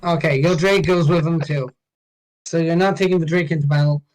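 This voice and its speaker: A man narrating as dungeon master in a tabletop game, pausing often with ums and uhs. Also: fairly high pitch, fairly even intonation, darkish tone, poor audio. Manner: unhurried, halting, with many ums.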